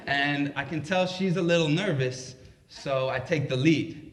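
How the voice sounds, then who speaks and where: A man telling a comedic story live in a conversational, unhurried way, with many fillers. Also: medium pitch, a bit bright. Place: library event room. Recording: echoey library room.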